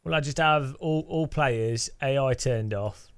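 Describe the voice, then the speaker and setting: A man's voice: medium pitch, a little slow, clear, resonant tone. A man hosting a gaming channel, chatting casually through his gameplay with cheeky jokes and frequent giggles. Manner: giggly, laughing often between remarks; cheeky, joking banter.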